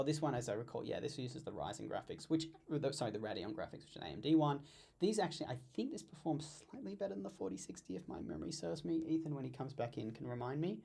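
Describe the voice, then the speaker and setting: Gravelly, husky man ranting about laptops. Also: mid-range voice. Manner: animated, stumbling restarts and repeats. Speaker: tech reviewer hosting a live stream. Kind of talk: unscripted live-stream tech talk.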